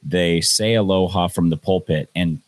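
Man, very low voice, dry sound, laid-back swearing storyteller, podcast co-host. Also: normal speed, no echo. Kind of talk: casual chat. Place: home in Hawaii.

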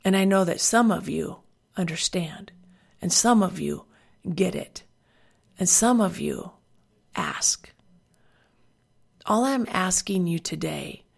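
A woman's voice: on the low side, gravelly. A woman and parent giving an earnest Christian devotional talk, building her points by repeating phrases.

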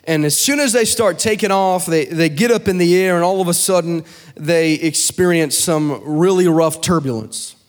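High-voiced preacher who builds to shouting. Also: male voice, normal speed. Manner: builds to chanted, shouting climaxes. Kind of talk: sermon. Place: church with live congregation.

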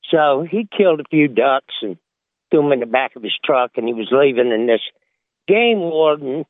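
A man telling a joke on a radio show in a relaxed, drawn-out storytelling way, over a tinny phone line. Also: on the high side, dry recording.

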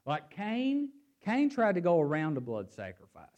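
A man preaches a sermon and reads scripture aloud in an animated way, his emphasis rising and falling as he repeats words while thinking aloud. His voice sits high at a moderate pace, and the audio is dull.

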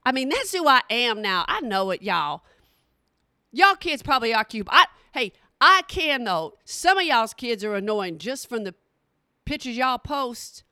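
A woman's voice: fairly high pitch, sing-song, measured pace, pushed and bright, dry recording, studio quality. A middle-aged woman, talking bluntly and playfully straight to her audience in a casual comedic monologue. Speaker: vlogger.

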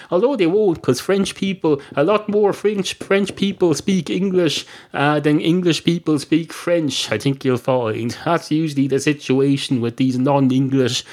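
Irish male podcast host, deadpan, meandering solo comedy bit, average pitch. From Ireland. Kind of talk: rambling comic monologue.

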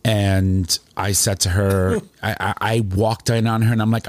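A man telling a long personal story in casual chat, rambling and animated, with plenty of emotion. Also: on the low side, unhurried, hardly any pauses, dry recording.

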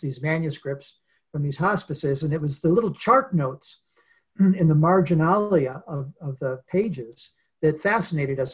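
A man being interviewed as a guest author, telling a story in an earnest, unhurried way with many pauses. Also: a little high, slightly rough. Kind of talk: reflective storytelling in conversation.

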